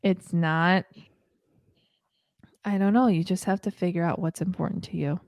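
A woman's voice: fairly low pitch, steady tone, normal speed, darkish tone, dry recording, studio quality. A woman in her thirties co-hosting a podcast, talking in an earnest, rambling way and laughing often. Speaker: podcast co-host. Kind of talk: casual chat.

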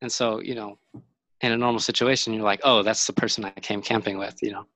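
Low-voiced man telling a story. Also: steady tone, quick pace, pushed and bright, poor audio. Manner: rambling, many fillers and restarts. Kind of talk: casual storytelling.

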